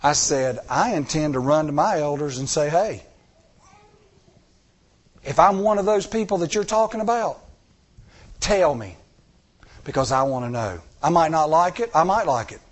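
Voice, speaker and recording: Animated man preaching a sermon. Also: on the high side, normal speed, pauses often. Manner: animated storytelling, acts out dialogue, repeats phrases for emphasis. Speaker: church elder preaching.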